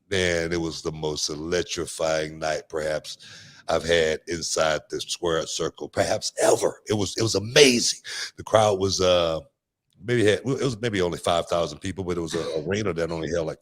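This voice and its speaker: A man with a low, deep voice hosts a laid-back chat. He tells stories in a rambling way, restarting sentences and leaning on fillers. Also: fairly even intonation, moderate pace. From Houston, Texas. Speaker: podcast host. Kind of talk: casual chat.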